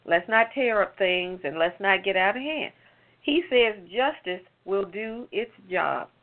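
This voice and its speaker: A woman's voice: medium pitch, lively intonation, a little slow. Indignant woman on a phone-like line. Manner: indignant, sarcastic, rhetorical questions. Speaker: talk show commentator. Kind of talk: heated opinion commentary. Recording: phone-like narrow sound.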